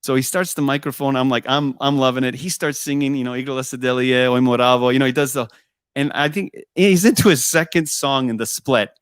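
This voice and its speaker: A man's voice: mid-range voice, brisk, clear, resonant tone, no echo, clean studio sound. A man telling a musician's road stories in a casual interview, often laughing and acting out the dialogue. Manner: animated anecdotes with frequent laughs and "I go". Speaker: guest musician.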